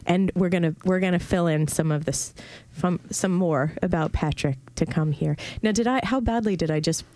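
A woman's voice: lowish voice, moderate pace, dark tone, no echo. Chatty, eager female interviewer. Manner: enthusiastic, rambling with restarts. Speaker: interviewer host. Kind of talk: conversational interview.

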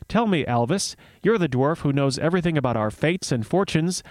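A man's voice: a little high, expressive, a little fast, no room sound, clean studio sound, lightly acted. A man reading as an indignant thunder god. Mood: challenging. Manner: indignant and commanding. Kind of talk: dramatic read-aloud of a myth.

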